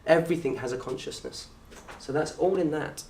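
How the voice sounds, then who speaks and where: A man with a southern English accent teaching an Arabic course in a lecture room. He talks in a lively way, quizzes the audience and acts out little scenes. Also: on the high side, a little fast, slight background noise. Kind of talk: lecture to an open day audience. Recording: roomy echo from a distant mic.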